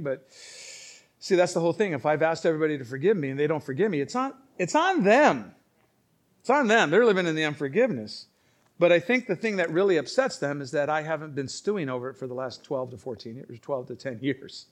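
A male pastor preaching a sermon, emphatic and swinging between quiet asides and loud exclamations. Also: on the high side, animated, brisk.

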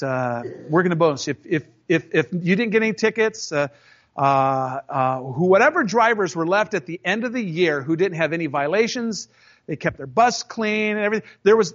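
A man casually telling a story from his working life, acting out both sides of the arguments with lively emphasis. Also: fairly high pitch. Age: 30s or older. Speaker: storyteller recounting a job. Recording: dull lo-fi recording.

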